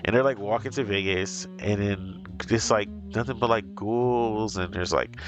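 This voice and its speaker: Chatty low-voiced man recapping over music. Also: moderate pace. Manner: excitable, chatty, heavy use of "like". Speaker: video reviewer. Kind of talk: casual recap and review.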